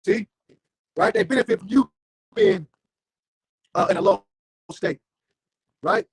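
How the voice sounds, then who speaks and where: A man's voice: wildly swooping pitch, vocal fry, no echo, poor audio. A man street preaching, reading scripture aloud and calling out to listeners with constant "right?" and "you see?". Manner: reads scripture slowly with big pitch leaps.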